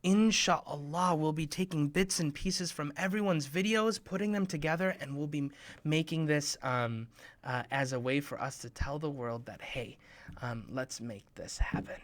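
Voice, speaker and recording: A man hosting a children's program, talking straight to the kids in a playful way, sometimes dropping to a hushed half-whisper. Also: normal speed, no room sound. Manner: playful, bursts into excited high shouts. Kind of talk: talk to children.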